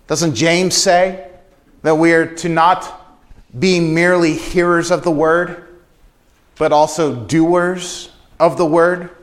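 Emphatic preacher, a man with a higher voice. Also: fairly even intonation, takes it slowly. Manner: earnest, emphatic, repeats phrases for stress. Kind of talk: sermon.

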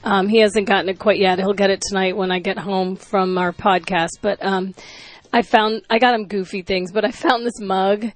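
A woman's voice: mid-range voice, steady tone, moderate pace, hardly any pauses, dry recording. A woman hosting a podcast, chatting casually in a teasing way and laughing often. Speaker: podcast host. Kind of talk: casual chat.

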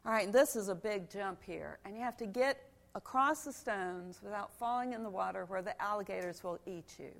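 A woman pastor giving a lively sermon in a church, telling a story and acting parts out with volunteers. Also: medium pitch, a little fast, vocal fry, hardly any pauses. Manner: animated storyteller, demonstrates with volunteers. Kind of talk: children's sermon with props.

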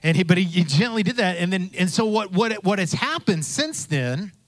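Preaching a sermon at a normal speed, a pastor sounds expressive and a bit bright, his voice pitched a little high for a man. He keeps it conversational, repeats his phrases, and imitates the people he quotes, with a dry, close-miked recording and no room sound.

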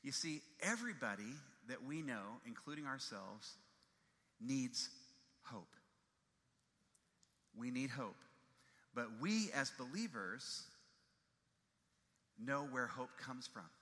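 A man's voice: mid-range voice, big pitch swings, takes it slowly, long pauses, sharp tone, in a large hall. A man preaching a sermon as a pastor. He tells stories with emphasis and repeats his key phrases.

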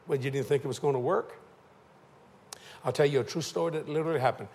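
A man's voice: a little high, fast, long pauses, darkish tone, slight background noise. An older man preaching a sermon, folksy and joking as he tells stories. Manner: folksy, joking, southern-tinged church talk. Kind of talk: sermon with storytelling and humor.

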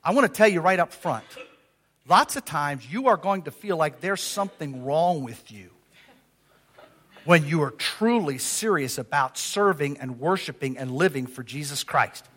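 An older man preaching a sermon as pastor, conversational and lively, calling out questions to the congregation in a church. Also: fairly high pitch, moderate pace. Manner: lively, conversational preaching with audience call-outs.

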